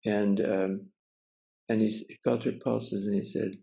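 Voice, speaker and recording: An older man with a gravelly, mellow, low voice tells a story. He talks haltingly, with pauses and restarts, heard through a video call mic. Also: flat delivery, rough recording. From United States. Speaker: Zen teacher and cook. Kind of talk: casual storytelling.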